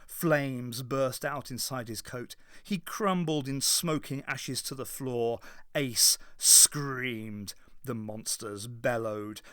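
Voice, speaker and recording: A man's voice: mid-range voice, slow pace, a bit bright, clean tone, dry recording, studio quality. Man giving a dramatic audiobook reading. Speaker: audiobook reader. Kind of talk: scripted narration.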